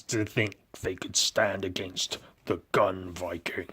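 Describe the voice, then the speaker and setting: A man's voice: fairly low pitch, steady tone, unhurried, hardly any pauses, a bit bright, husky. A man hosting a podcast, narrating playfully with lots of swearing and mouth-made sound effects. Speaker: podcast host and miniature painter.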